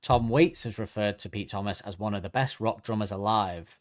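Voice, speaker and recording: A man's voice: fairly low pitch, moderate pace. A man hosting a casual music podcast, quizzing his co-host and reading out facts.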